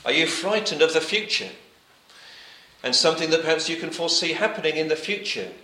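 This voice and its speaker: A man preaching a sermon, reading scripture aloud and repeating his points, often letting his phrases drop to a quiet close. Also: fairly high pitch, animated, a little fast, echoey room, rough recording.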